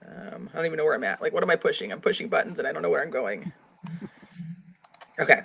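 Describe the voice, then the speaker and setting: A woman's voice: low-pitched, lively intonation, fast, gravelly, fairly bright tone, a little hiss or hum. Woman, host, casual true-crime chat, rambling, says "like" a lot, reads comments aloud, muffled lo-fi sound. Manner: rambling, heavy use of "like". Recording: dull lo-fi audio.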